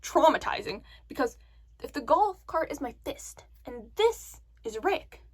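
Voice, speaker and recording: A woman vlogger telling a story to the camera in a chatty, animated way. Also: high voice, a little slow. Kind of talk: casual story time.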